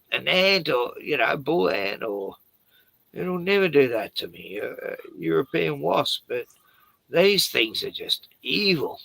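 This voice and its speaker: A man telling animated stories in casual chat on a stream, swearing freely. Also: a little high, creaky, no echo, poor audio.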